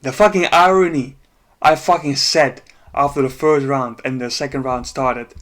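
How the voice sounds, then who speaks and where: A man's voice: medium pitch, steady tone, moderate pace, a bit bright. A man breaking down a fight in a casual, profane rant, exasperated and laughing at times. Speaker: MMA commentator.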